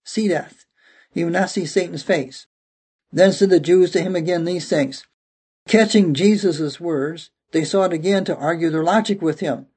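A man's voice: a little high, normal speed, a little mellow, slightly rough. A man preaching a verse-by-verse Bible sermon, emphatic and peppering his teaching with "okay" as he restarts phrases.

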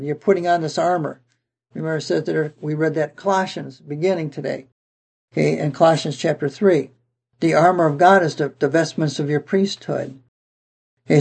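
A man's voice: fairly high pitch, vocal fry, a little mellow, slightly rough. A man teaching the Bible verse by verse, reading passages aloud and then explaining them with frequent "okay"s.

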